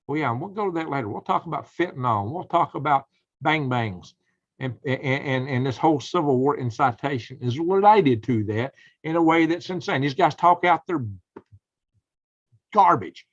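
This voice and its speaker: A man's voice: a little high, animated, normal speed, no echo, lo-fi sound. A man hosting a late-night live stream, chatting with viewers in a folksy way and exclaiming in outrage at the news. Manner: folksy, exclaims in outrage, laughs at own jokes.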